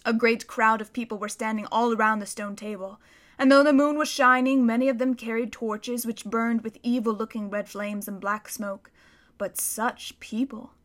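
A woman narrating a children's story aloud in an expressive, dramatic reading style. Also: a little high, normal speed.

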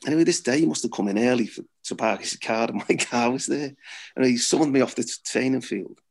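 A man's voice: medium pitch, quick pace, vocal fry. A middle-aged man, a former footballer, telling blunt, swearing anecdotes and laughing at his own stories. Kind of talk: anecdotal storytelling.

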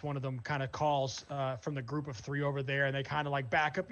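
A man's voice: medium pitch, little pitch movement, fairly quick, hardly any pauses, fairly bright tone, muffled recording. A man narrating as game master, casual and full of fillers. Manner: loose, filler-heavy narration.

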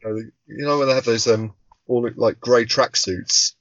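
A man in his forties co-hosting a podcast, telling stories in a casual, animated way, swearing and laughing often. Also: mid-range voice, moderate pace, no room sound. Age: 40s. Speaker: podcast co-host. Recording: dull, dry lo-fi sound.

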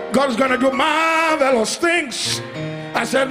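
A middle-aged Nigerian pastor preaches with fervor in a very high, slightly gravelly voice. He chants repeated calls and sings short refrains. Soft music plays behind him. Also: normal speed. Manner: fervent preaching, chanting and singing refrains, swings from loud to hushed. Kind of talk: sermon. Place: church service.

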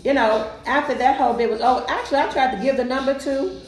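A woman's voice: sits high, fast, reverberant, soft background music, low-quality recording. A woman casually telling a personal story, emphatic and colloquial, often repeating herself.

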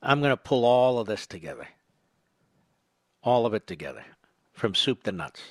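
A man's voice: medium pitch, big pitch swings, moderate pace, no room sound. An older man hosting a political talk radio show, delivering a combative, sarcastic monologue that swells to emphatic peaks. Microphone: studio microphone.

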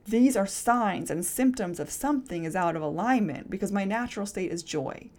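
A young adult woman hosts a casual solo podcast. Her pitch sits mid-range for a woman. She thinks out loud in a relaxed way, with frequent "like" fillers and strings of questions to herself. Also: normal speed, hardly any pauses. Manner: reflective, talks through rhetorical questions with many "like" fillers. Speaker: podcast host.

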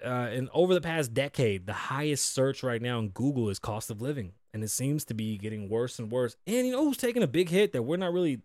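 An American man in his thirties hosts a casual solo podcast, launching into loose, profane, joking rants with big swings. His medium-pitched, darkish voice moves a little fast with lively intonation and few pauses, recorded in studio quality with no room sound.

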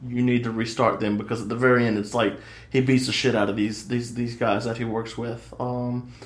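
A man co-hosting a casual gaming podcast, telling stories in an excitable, profane way. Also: medium pitch, fairly quick, roomy sound. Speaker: podcast co-host. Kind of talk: casual chat.

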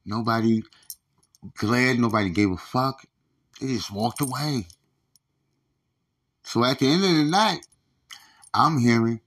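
A man's voice: medium pitch, unhurried, long pauses. A man hosting his own podcast, venting in a profane, stammering rant with many restarts. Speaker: podcast host. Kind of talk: casual ranting monologue.

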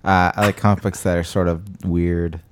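Very deep-voiced dry man. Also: little pitch movement, moderate pace, background noise. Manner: dry, understated humor. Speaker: podcast co-host. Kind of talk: casual podcast banter.

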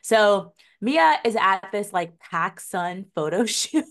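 With a medium-pitched voice and a slow pace, a chatty young woman recaps a TV episode as a podcast co-host in casual conversation. Lively and animated, she laughs a lot, leans on "like" and "um," and voices the characters' lines in the middle of her retelling.

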